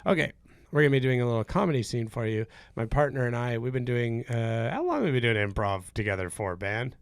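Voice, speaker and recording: Man, comedy podcast co-host, playful rambling showman, gravelly, dry close sound. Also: mid-range voice, sing-song, quick pace, dry recording.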